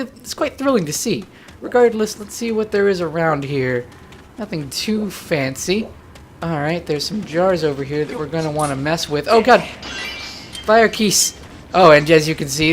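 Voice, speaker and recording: A woman's voice: on the low side, a little hiss or hum. A woman from New York with a light New York accent, giving playful, chatty commentary on a video game. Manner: playful, chatty, jokey asides. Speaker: let's player.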